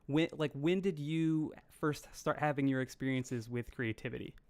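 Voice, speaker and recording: A man hosting a streamed interview show, talking in a halting way with lots of fillers and restarts. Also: a little high, vocal fry, darkish tone, no room sound. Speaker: show host. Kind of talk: casual interview chat.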